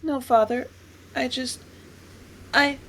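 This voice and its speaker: A woman's voice: sits high, fairly even intonation, slow, a bit bright, a little hiss or hum, voice pushed up, heavily acted. A woman reading an audiobook and voicing a frightened, upset young girl who screeches and wails. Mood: weak, tearful. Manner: screeching, wailing.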